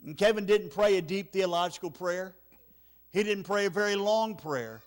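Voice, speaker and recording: Man preaching, emotional storytelling, repeats words, fairly high voice, church revival. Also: moderate pace. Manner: emotional, repeats words, drops to near-whisper at sad moments. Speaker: evangelist. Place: church sanctuary.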